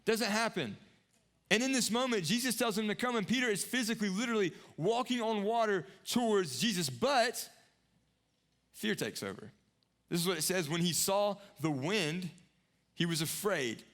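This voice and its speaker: A young adult man preaching a sermon earnestly, repeating phrases, rising to emphatic peaks and dropping to hushed lows. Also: expressive, moderate pace. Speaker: pastor.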